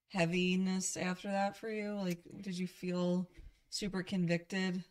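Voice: mid-range voice, level tone, takes it slowly, darkish tone. An interviewer chatting casually with a guest, laughing often and prompting with short questions.

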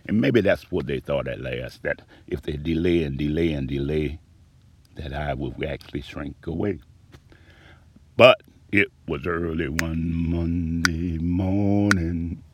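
A man delivering a rhythmic spoken-word monologue about a personal grievance, profane and aggrieved, swinging between low mutters and loud outbursts. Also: slow pace, husky. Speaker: storyteller recounting a personal grievance.

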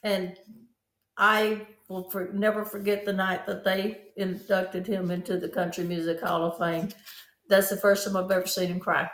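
A woman of medium pitch telling her memories with lively energy, voicing the people in her stories as she recounts them. Her speech carries a noticeable room echo. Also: moderate pace. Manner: animated storyteller who acts out quoted dialogue. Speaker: guest, author of memoir. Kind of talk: casual interview storytelling.

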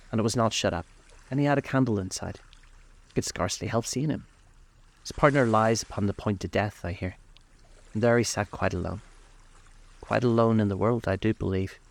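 Guy doing a cheery dad chatting to his wife, friendly and a little gossipy, slightly higher than his low voice. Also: creaky. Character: cheerful middle-aged husband and father.

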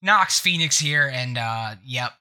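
A man's voice: medium pitch, expressive, slow, sharp tone. A man with a stuffed-up nose hosting a casual gaming podcast, joking and sarcastic as he rambles. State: congested nose. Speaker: podcast host.

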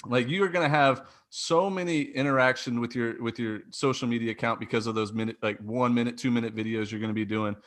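A man's voice: medium pitch, fairly even intonation, fast, hardly any pauses, fairly bright tone. A man hosting a casual interview, talking with enthusiasm and lots of fillers. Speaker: podcast host.

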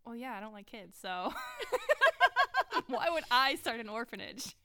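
A woman co-hosts a casual podcast with a bright, slightly high voice. Her pitch swings widely as she teases her partner and giggles through quick quips. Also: wildly swooping pitch. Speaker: podcast co-host. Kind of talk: casual chat.

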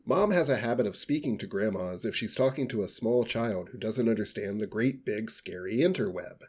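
A man's voice: lowish voice, expressive, brisk, darkish tone, husky. A man reading a book aloud between casual jokes with friends, slipping into playful voices for the characters. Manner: reads narration with playful voices, laughs often.

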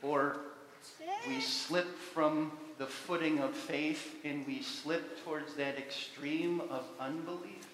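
A man's voice: a little high, fairly even intonation, slow, noisy background. A man preaching a sermon as pastor, talking earnestly and using many rhetorical questions. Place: church sanctuary. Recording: echoey church sanctuary with long reverb.

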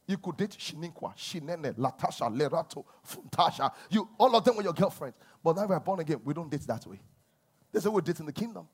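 A man preaching a sermon as a pastor, swinging between loud emphasis and quiet asides. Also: high-pitched, slightly rough.

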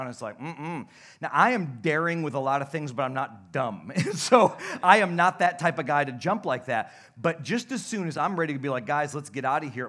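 A young adult male pastor preaching a sermon, telling stories animatedly and dropping to a hush at points. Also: fairly high pitch. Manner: animated, shouts and laughs in stories, drops to a hush. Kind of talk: sermon with storytelling. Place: church sanctuary.

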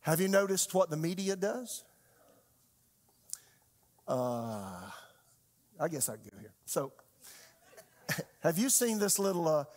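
Male pastor, high tenor, conversational sermon with big dynamic swings. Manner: conversational preaching with sharp swings in pitch and loudness, rhetorical questions.

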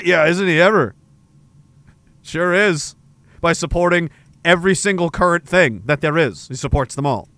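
A high, bright male voice that swings widely as he jokes through chat messages, swearing freely and acting outraged. The sound is close and dry with no room around it. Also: animated, brisk, dry recording. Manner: profane, joking, mock-indignant. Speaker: streamer reading chat. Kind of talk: casual chat.

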